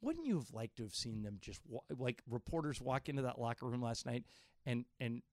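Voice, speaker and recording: A man's voice: mid-range voice, very animated, fairly quick, dry recording, studio quality. Argumentative male sports radio host. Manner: argumentative, probing questions. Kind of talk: sports talk radio debate. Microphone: studio microphone.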